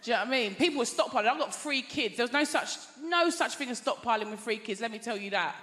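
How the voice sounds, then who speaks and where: An English woman in her thirties performs stand-up on a large theatre stage, talking fast in a fairly high, animated voice. Her delivery is chatty and confiding, packed with tag questions. The recording echoes with the theatre and carries loud crowd noise.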